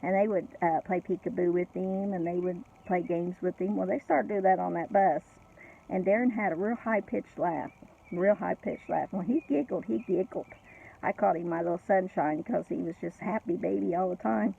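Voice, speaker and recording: A middle-aged or older woman tells a family story in a chatty way, with frequent laughs and many asides. Her voice has a gravelly fry, and the sound is thin and tinny, like a phone line. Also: lowish voice, normal speed. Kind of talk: casual personal storytelling.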